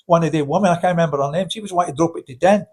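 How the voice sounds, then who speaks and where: A Scottish man who talks quickly in a husky voice, answering questions in a casual interview. He is blunt and forceful in his views. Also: a little high. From Scotland. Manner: blunt and forceful, keeps adding "right?". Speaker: interviewee, campaigner.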